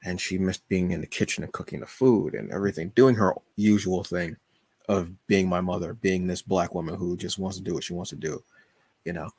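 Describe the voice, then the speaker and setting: A man hosting his own podcast, telling a personal story in a halting, emotional way with many fillers and restarts. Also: low voice, steady tone, vocal fry, darkish tone, breathy edge, no room sound. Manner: emotional, confessional. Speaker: podcast host.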